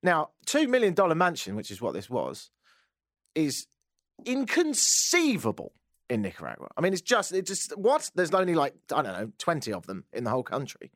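A man hosting a talk radio show, telling a story with sarcastic, animated asides. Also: on the high side, normal speed, dry recording, studio quality. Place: radio studio.

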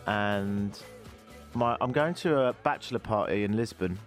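A man's voice: fairly low pitch, measured pace, faint music behind. A man hosting a talk radio show, chatting casually with a dry, self-mocking wit from a studio. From England. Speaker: radio host. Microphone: studio mic.

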